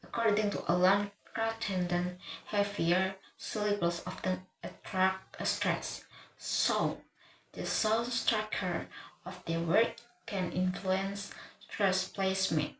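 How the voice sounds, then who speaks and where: A woman's voice: mid-range voice, steady tone, slow, a bit bright. A woman giving an English pronunciation lesson, speaking carefully and often restarting or repeating words as she goes. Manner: restarts words, repeats them while reading notes. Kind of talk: slow, careful lesson delivery. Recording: echoey room with faint ambience.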